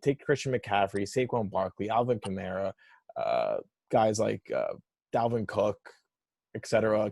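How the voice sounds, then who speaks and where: A man co-hosts a casual sports podcast, breaking down players in a brisk, no-nonsense way. His voice is recorded close and dry, with no room sound. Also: lowish voice, a little mellow, dry recording. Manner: brisk, matter-of-fact analysis. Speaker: podcast co-host.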